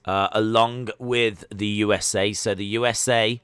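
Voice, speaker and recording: A man hosting a live sports watch-along, chatting excitedly with many fillers as he reacts. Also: lowish voice, measured pace, clear, resonant tone, dry recording. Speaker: livestream host.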